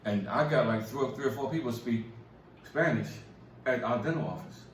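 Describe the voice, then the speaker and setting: A man's voice: mid-range voice, normal speed, echoey room, distant mic, slight background noise, rough recording. A man chatting casually as co-host, laughing often and repeating himself as he talks. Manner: laughs often, relaxed and repetitive. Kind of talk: casual chat.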